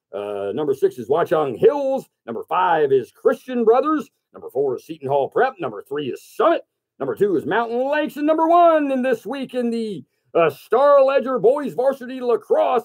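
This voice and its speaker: A man hosts a call-in sports show. His voice sits high and swings widely in pitch. He reads lists in a loose, casual way, with fillers and restarts. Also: a little mellow. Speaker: sports radio host. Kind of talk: call-in sports talk radio.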